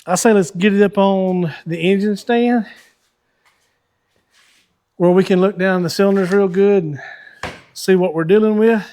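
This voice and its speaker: A man, hosting a car-building vlog from his shop, chatty and folksy as he thinks out loud while he works. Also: high-pitched. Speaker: host of a car-building channel. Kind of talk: casual shop vlog talk to viewers.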